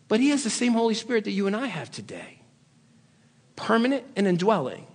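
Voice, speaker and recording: Impassioned husky-voiced male preacher. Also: huge pitch swings, fairly quick. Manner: impassioned, swings between hushed low lines and loud raised ones. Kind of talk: sermon.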